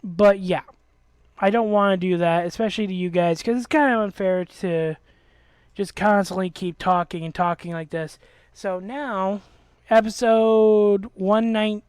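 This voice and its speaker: A young man with a high, clean voice hosts a Let's Play video, delivering an angry, profane rant about a friend as commentary over the gameplay. The recording is dry.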